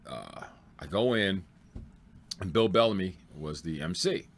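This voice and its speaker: Animated man telling comedy stories. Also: low voice, unhurried, a little hiss or hum. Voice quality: excitable, swears freely, laughs through punchlines. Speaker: stand-up comedian guest. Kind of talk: animated storytelling.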